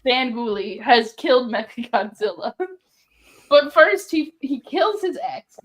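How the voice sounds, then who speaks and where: A high-pitched woman tells a comic's plot on a casual podcast. She recaps it in an animated, giggly way and often breaks into laughter mid-sentence. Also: a little slow, low-quality recording. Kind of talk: casual chat.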